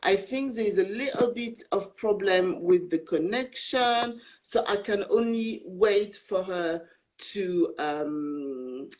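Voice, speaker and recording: A woman's voice: medium pitch, takes it slowly, darkish tone, low-quality recording. A woman hosting a live video chat, patiently repeating herself while she waits out a weak connection. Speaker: host. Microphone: video call.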